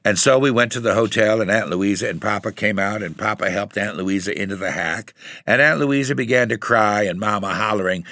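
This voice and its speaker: A man narrates a story aloud in a steady, even reading voice. His low voice has a gravelly grain and a bright, forward tone. The sound is close and dry. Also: fairly quick, no room sound. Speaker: audiobook reader. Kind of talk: scripted narration.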